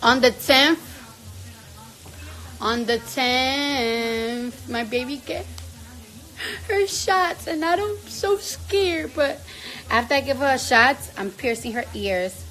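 A woman talks on a casual livestream in a high, sharp, bright voice. She is loud, blunt and freely profane, and switches to soft cooing for her baby. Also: expressive, unhurried, soft background music, low-quality recording. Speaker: livestream host.

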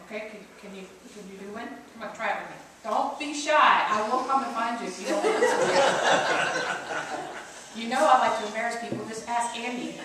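A woman's voice: fairly high pitch, expressive, normal speed. A woman pastor giving an interactive sermon, playfully coaxing the congregation to join in. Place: church sanctuary. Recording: echoey church recorded from far off, noisy.

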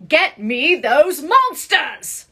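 Lady putting on a bossy cartoon villain scientist, wobbly aussie accent, yelling orders way up high, bright and husky. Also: big pitch swings, drawn-out words, exaggerated voice. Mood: barking orders. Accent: shaky put-on Australian. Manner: loud, shouted commands.

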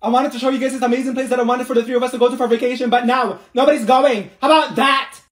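A bratty teenage schoolgirl who snaps back at her teachers with loud attitude, as a man puts her on in a comedy skit. The voice sits high and gets sharp when she argues. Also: steady tone, rapid-fire, reverberant, far from the mic. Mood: indignant. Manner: sassy, back-talking.

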